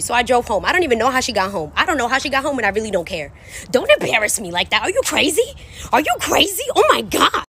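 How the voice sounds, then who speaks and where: Young woman storyteller, casual rant, profane and exasperated, rapid delivery. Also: on the high side, big pitch swings, sharp tone, a little hiss or hum.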